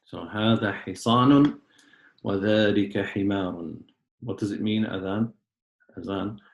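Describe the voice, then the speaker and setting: A man teaching a class, patiently explaining words step by step and often clearing his throat. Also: lowish voice, normal speed, echoey room. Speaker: Arabic teacher. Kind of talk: online class lesson.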